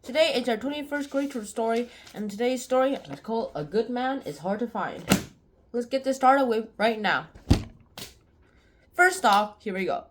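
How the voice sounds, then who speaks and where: A woman's voice: fairly high pitch, lively intonation, normal speed, a little hiss or hum. A woman casually retelling a short story in her own words, rambling and often correcting herself mid-sentence. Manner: rambling, self-correcting, chatty.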